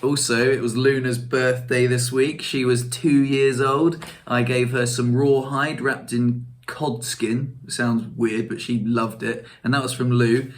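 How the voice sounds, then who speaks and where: A young man telling stories in a casual vlog, chatty and self-mocking, laughing often. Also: mid-range voice. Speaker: vlogger.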